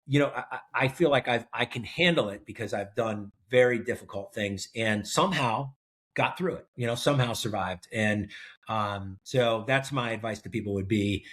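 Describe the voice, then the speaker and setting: A middle-aged man, a guest in an interview, telling a family story in a relaxed way with many ums and uhs. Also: lowish voice, normal speed. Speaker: guest, researcher and ultrarunner.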